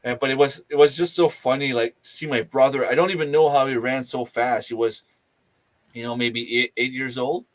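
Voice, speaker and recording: Man telling an animated outdoor story. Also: mid-range voice, a little fast. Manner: animated, repeats words as he tells a story. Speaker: panel speaker. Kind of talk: casual storytelling on a live show.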